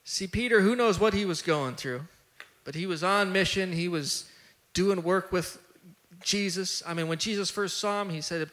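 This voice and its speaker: Bright-voiced pastor preaching in a reverberant hall. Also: male voice, high voice, normal speed. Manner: conversational storytelling, voices the disciples with rising intensity. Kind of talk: sermon. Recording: long church hall reverb.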